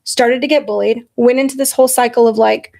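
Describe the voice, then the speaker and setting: A woman's voice: a little high, fairly quick, gravelly. A woman in her forties, a podcast host telling candid stories in casual chat, blunt and profane. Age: 40s. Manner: blunt and profane, animated storytelling.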